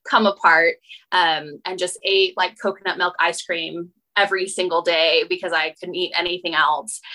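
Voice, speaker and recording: A woman from Utah, a boundary coach, telling her story as an interview guest in an animated, chatty way full of "like" and "um". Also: lowish voice, rough recording. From Utah, United States. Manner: animated, chatty, many fillers like "like" and "um".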